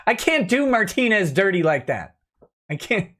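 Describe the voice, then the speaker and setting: A man's voice: sits high, sing-song, normal speed, sharp tone. A man hosting a casual livestream, reading and commenting in a sardonic, mocking, chatty way with many fillers. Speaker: lawyer and livestream host.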